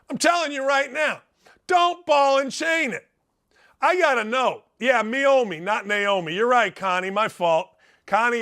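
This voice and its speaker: Loud folksy radio host guy, high voice that swings all over, bright and brash. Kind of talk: animated opinion monologue.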